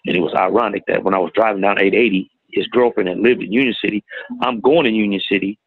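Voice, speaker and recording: Middle-aged guy, gravelly kinda low voice, halting personal story, tinny dry audio. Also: steady tone, no echo. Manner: plain-spoken, halting, retells dialogue. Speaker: guest telling his story.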